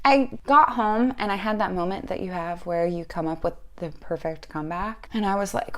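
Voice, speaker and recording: A woman giving a casual fan reaction, telling a story in a wry, profane, animated way. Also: mid-range voice, moderate pace, hardly any pauses. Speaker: sports fan vlogger.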